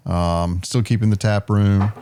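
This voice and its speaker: Rambling low-pitched man on a podcast. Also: fairly even intonation, a little slow, dark tone, clear, resonant tone. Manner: rambling, lots of ums and uhs, jokey. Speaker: podcast co-host. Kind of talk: casual chat.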